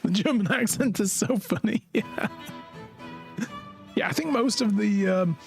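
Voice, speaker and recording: A man's voice: high voice, animated, unhurried, vocal fry, faint music behind. A man doing rowdy, joking live gameplay commentary, swearing and cheering. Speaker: game streamer.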